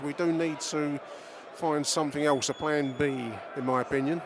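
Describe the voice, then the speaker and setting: Speaking at a normal pace in a steady, higher-than-average voice, this middle-aged podcaster talks football from the open-air stadium seats. His casual take is opinionated and laced with swearing, and he addresses his audience head-on over a noisy crowd.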